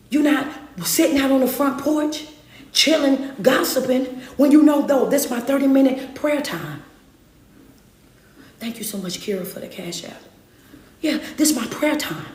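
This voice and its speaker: A woman's voice: high-pitched, a little mellow. A woman giving a live-streamed motivational talk, preaching in a call-and-response way and speaking straight to her viewers. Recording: echoey room.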